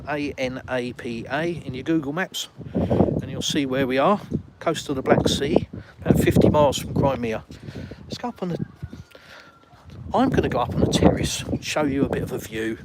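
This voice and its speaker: A man's voice: fairly high pitch, expressive, normal speed, heavy background noise. Chatty Englishman rambling on a live stream. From United Kingdom. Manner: rambling, reads viewer comments aloud and answers them. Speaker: livestream host. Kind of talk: casual live-stream chat. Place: outdoors at a house, walking about and onto a windy terrace.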